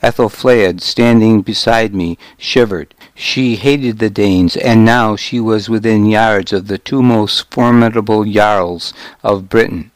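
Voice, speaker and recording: A man narrating a historical novel in the first person, measured and deliberate. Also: lowish voice, steady tone, no room sound. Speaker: audiobook narrator.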